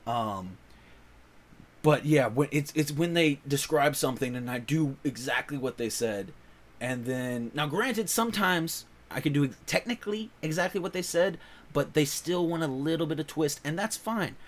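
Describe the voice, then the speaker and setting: A man's voice: a little high, moderate pace. A man hosting a casual comics channel, chatting loosely about voice-over work with many fillers, restarts and laughs. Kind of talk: casual rambling chat.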